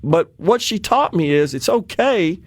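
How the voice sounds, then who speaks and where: Chatty man with a higher voice. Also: measured pace, no echo, studio quality. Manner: chatty, animated, laughs often. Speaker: radio talk show host. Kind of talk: casual radio talk. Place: radio studio.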